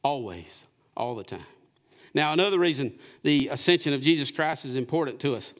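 A man, preaching a sermon in church, asking the congregation questions and swinging between loud and hushed delivery. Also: fairly high pitch, animated, moderate pace. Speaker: pastor.

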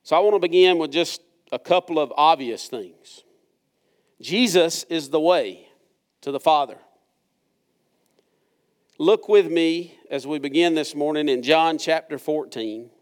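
A man's voice: on the high side, a little slow, long pauses. A man preaching a sermon in a church service, reading scripture and asking the congregation earnest, conversational questions. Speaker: pastor.

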